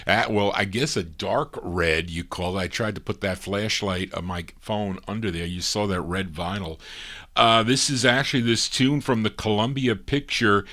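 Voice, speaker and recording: Chatty man presenting old records. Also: fairly low pitch. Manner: relaxed, chatty, with many fillers. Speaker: radio show host. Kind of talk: casual record show presenting.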